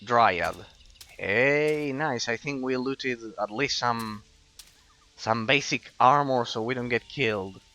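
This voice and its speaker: A man's voice: medium pitch, takes it slowly, sharp tone. A man giving casual let's-play commentary, thinking aloud, trailing into fillers and swearing now and then. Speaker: gameplay commentator.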